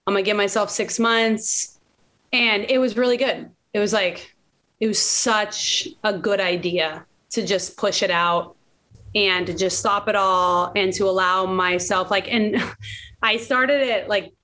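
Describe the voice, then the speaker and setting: A woman in her late thirties telling a personal story in candid conversation, animated and laughing often. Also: mid-range voice, unhurried. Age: late 30s. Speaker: podcast guest.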